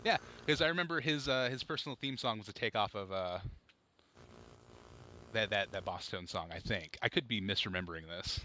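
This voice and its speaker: A man with a bright, forceful voice hosts a loose comedy podcast. He rambles wryly and pokes fun at himself. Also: lowish voice, a little fast, slight background noise. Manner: wry, rambling, self-deprecating. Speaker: podcast host. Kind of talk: casual comedy podcast chat.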